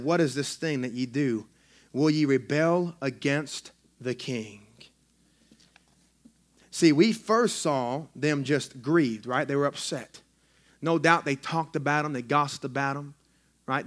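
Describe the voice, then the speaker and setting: A man, a pastor preaching a sermon in a church in an excitable, conversational way with frequent restarts. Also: medium pitch. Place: church sanctuary.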